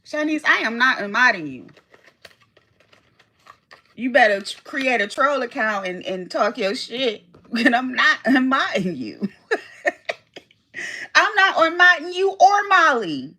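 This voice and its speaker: A woman's voice: sits high, sing-song, a little slow, long pauses, pushed and bright. A woman hosting her own livestream, chatting loosely with her viewers, reading their names from the chat, cursing freely and drifting from one point to the next. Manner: chatty, rambling, reads chat aloud, swears freely. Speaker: livestream host.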